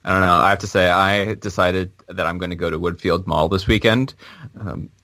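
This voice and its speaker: Male host, bright timbre, fairly low pitch; halting, um-heavy delivery. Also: fairly even intonation, no echo. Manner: hesitant, many fillers and restarts. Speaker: podcast host. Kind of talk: casual chat.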